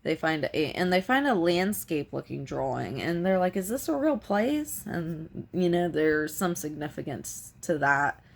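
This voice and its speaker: A woman's voice: low voice, unhurried, vocal fry, hardly any pauses. A woman casually recapping a film's plot for a review, rambling and filling her sentences with "like" and "you know". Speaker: film reviewer.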